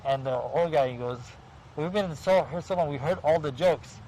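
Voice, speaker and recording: A man's voice: fairly high pitch, normal speed, mellow, a little hiss or hum, rough recording. A man hosting a late-night horror show, chatting and telling jokes outdoors at a cemetery, laughing at his own punchlines. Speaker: show host. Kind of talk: casual chat.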